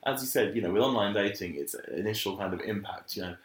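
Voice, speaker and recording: A man's voice: lowish voice, quick pace. Thoughtful, agreeable man in an echoey room. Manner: thoughtful, agreeable, laughs often. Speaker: co-host. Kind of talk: casual chat. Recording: roomy echo.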